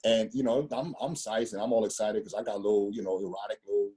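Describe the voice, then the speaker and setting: A man in his fifties spins a rambling personal story, circling back and repeating himself. His voice sits low and sounds husky. It has a dark, mellow tone. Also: steady tone, fast talker. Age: 50s. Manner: rambling, repeats words, street slang. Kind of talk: casual storytelling conversation.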